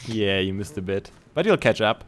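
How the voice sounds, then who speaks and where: A man who laughs often while showing friends around, hosting a relaxed gaming session. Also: on the low side, moderate pace. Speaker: host. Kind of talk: casual gaming chat.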